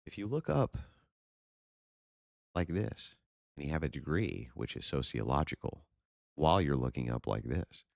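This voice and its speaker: A man's voice: a bass voice, sing-song, normal speed, vocal fry, long pauses, darkish tone, no echo, clean studio sound. A man hosting a livestream and reading super chats in a blunt, profane, sarcastic way. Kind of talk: casual livestream chat.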